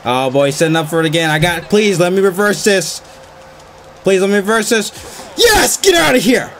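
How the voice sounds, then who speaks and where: A man giving excited, frantic commentary while playing a wrestling video game, groaning one moment and yelping the next. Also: high voice, moderate pace, background noise. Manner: frantic, swings between groans and yelps. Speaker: gaming channel host.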